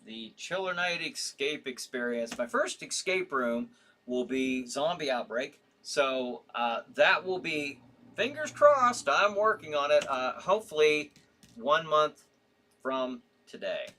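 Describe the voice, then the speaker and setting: Tired guy chatting on his horror stream, lively pitch, keeps restarting himself. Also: a little hiss or hum. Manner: rambling, halting, with frequent restarts and yawns. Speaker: host of a horror livestream. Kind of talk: casual live-stream chat reading viewer comments.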